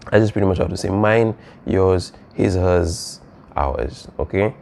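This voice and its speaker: A man's voice: low voice, unhurried, vocal fry, darkish tone, slight background noise. A man teaching a Spanish lesson, explaining casually with frequent fillers and "all right?" checks. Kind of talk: recorded classroom lesson.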